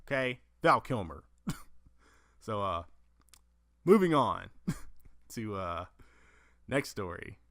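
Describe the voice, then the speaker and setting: Man, movie podcast host, casual and profane, lively pitch, dry close sound. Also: moderate pace, pauses often, no echo. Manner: profane, animated storytelling with acted-out quotes. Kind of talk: casual movie news chat.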